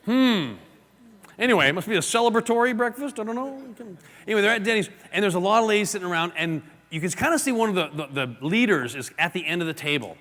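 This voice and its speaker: Guy doing a seminar talk, bright voice, lots of hall echo, acts stuff out. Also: high voice, quick pace. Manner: animated storyteller, acts out gestures and quotes. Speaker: real estate seminar speaker. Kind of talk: live seminar talk to an audience. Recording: long hall reverb.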